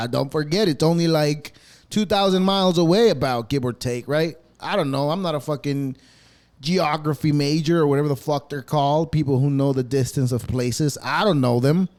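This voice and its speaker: A man's voice: on the high side, moderate pace, a little mellow. A man hosting a podcast, delivering a rambling, sarcastic rant full of swearing. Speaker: podcast host. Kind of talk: profane ranting monologue.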